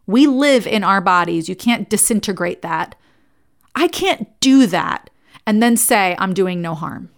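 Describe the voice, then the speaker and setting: A woman therapist addresses her peers in an earnest, conversational way and weaves in stories. Her voice has a steady gravelly fry and sits at an ordinary middle pitch. She sounds like a practiced speaker sharing her experience. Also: measured pace. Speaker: licensed therapist. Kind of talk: talk to fellow therapists.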